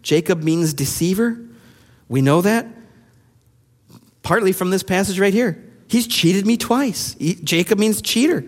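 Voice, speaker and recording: A man preaching a sermon, reading scripture aloud and explaining it in an animated way, acting out the quoted voices. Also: sits high, unhurried, long pauses. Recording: long hall reverb.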